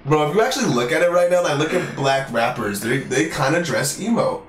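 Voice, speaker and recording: Young male co-host, lively pitch, swears and jokes freely, echoey noisy room. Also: brisk. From San Francisco Bay Area. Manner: profane, joking, animated interjections. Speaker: podcast co-host. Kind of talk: casual podcast chat. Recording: roomy and noisy room sound.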